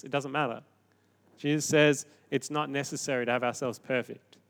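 A man delivers a sermon in an easy, conversational way. His voice sits at a middle pitch, and he moves from hushed, reflective moments to firm, emphatic points. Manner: conversational, animated, shifting from quiet to emphatic. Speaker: pastor.

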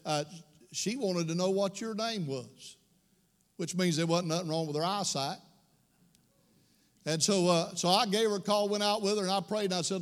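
A man's voice: sits high, a bit bright, big-room sound. A man preaching a sermon, telling folksy stories and building to fervent exhortation. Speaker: pastor. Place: church sanctuary.

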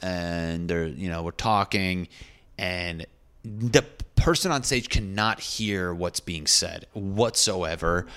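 Low-voiced man rambling through a story. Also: slow pace, a bit bright, smooth. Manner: rambling, profane, self-correcting. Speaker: stand-up comedian. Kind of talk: casual storytelling.

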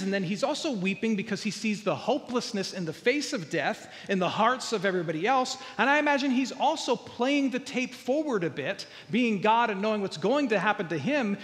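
A man's voice: high-pitched, fairly bright tone, in a large hall. A man preaching a sermon, earnest, often repeating words and building to emphatic peaks. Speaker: pastor.

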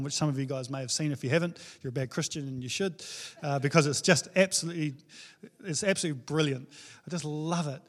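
A man's voice: on the high side, fairly bright tone. A man with a New Zealand accent preaching a sermon as a pastor, casual and joking in his delivery.

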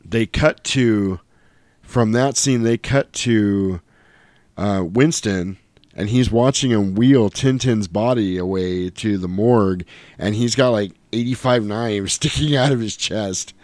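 A man's voice: fairly low pitch, takes it slowly, darkish tone, no room sound. A man casually retelling a film's plot on a podcast, acting out the characters' lines as he goes. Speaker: podcast host. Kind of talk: casual movie recap chat.

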